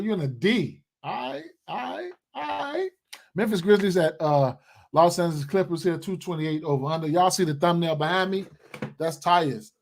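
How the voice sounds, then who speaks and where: A man with a fairly high voice chats live with his viewers about sports picks. he talks in a loose, rambling way, full of slang and asides to his audience. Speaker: sports betting live stream host. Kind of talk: casual live stream chat.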